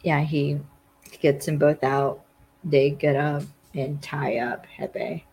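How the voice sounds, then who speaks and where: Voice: mid-range voice, fairly even intonation, takes it slowly, darkish tone, rough recording. A podcast host casually recapping a TV episode, rambling with lots of fillers and acting out the characters' lines. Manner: rambling, lots of "like", acts out quotes.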